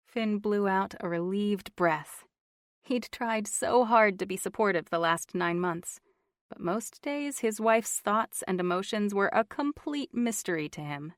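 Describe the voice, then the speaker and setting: A woman narrating an audiobook in a measured manner, lightly voicing the characters, on a close studio mic. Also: medium pitch, expressive, dry recording. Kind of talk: scripted narration.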